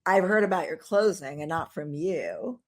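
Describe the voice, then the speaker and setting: A woman podcast host chatting casually with her guests in an expressive way. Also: low-pitched, normal speed. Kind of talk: casual chat.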